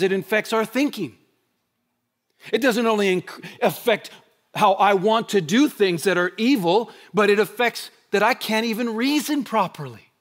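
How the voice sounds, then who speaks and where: A male pastor preaching a sermon, building through emphatic repeated rhetorical questions and dropping into low, quiet stretches to make his points. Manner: shifts between loud proclaiming and low quiet stretches.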